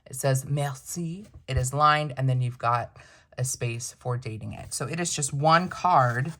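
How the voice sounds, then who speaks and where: A woman with a notably low voice chats through an unboxing. She muses aloud, asks herself quick questions and answers them, in an easygoing vlog manner. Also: a bit bright. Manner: chatty, thinks aloud, self-questioning asides. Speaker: planner unboxing vlogger. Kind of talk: casual unboxing chat to camera.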